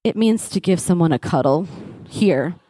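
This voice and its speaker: Woman doing a calm matter-of-fact friend. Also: on the low side, moderate pace, no echo, voice pushed down, rough recording. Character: calm, practical female friend, reassuring.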